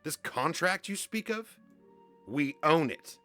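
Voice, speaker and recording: A man's voice: a little high, expressive, slow pace, pushed and bright, soft background music, voice pushed up, full character voice. A man voicing a haughty adult female crime queen who talks in a cold, imperious way.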